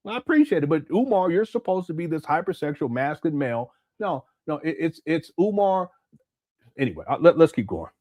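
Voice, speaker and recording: A man from Southern California with a fairly high voice hosts a reaction commentary. He talks candidly and with animation, often restarting his sentences, in a dry, close recording. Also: no echo. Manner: candid and animated, with frequent restarts and quick asides. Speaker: commentator and channel host.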